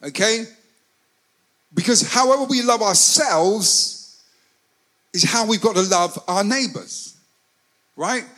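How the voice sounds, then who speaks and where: A man preaching a sermon, swinging between loud calls and hushed asides and leading the congregation to repeat his phrases. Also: high voice, takes it slowly, pauses often, poor audio. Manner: repeats phrases and leads call-and-response with the congregation. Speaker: pastor.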